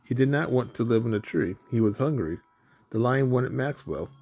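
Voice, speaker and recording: A man reads a children's picture book aloud in a simple, deliberate manner, now and then stumbling over a word. His voice is gravelly and husky, sitting at an ordinary pitch. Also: expressive, a little mellow. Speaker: storybook reader. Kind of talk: children's story read aloud.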